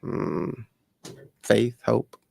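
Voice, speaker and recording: A man's voice: lowish voice, very slow, gravelly, warm tone, husky, dry recording. A man who is a podcast guest, chatting casually with short, laid-back replies. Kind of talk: casual chat.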